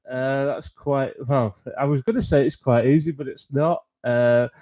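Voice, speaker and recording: Rambling, swearing comedian with a mellow voice. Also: male voice, medium pitch, steady tone, unhurried, hardly any pauses, no echo, low-quality recording. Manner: rambling, swearing, self-interrupting. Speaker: comedian hosting a livestream. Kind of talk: casual stand-up chat.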